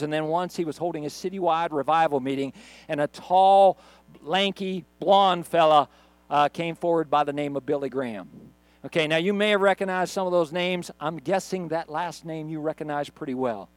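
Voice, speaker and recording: High-voiced middle-aged man preaching. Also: moderate pace, no echo. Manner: conversational storytelling with restarts. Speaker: pastor. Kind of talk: sermon recorded for online video. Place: church recorded on camera.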